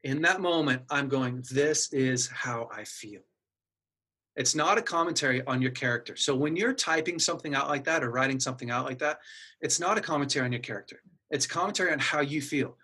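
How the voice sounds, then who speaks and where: A man's voice: fairly high pitch, quick pace, sharp tone, slightly rough. A middle-aged man earnestly telling a personal story in casual conversation, acting out his own inner dialogue. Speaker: guest sharing a personal story.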